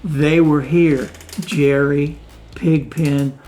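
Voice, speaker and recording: A man's voice: fairly high pitch, very slow, soft background music. An older man telling stories in a casual interview, acting out the dialogue as he goes. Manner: animated storyteller, acts out quoted dialogue. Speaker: interviewee, sound engineer. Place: home studio.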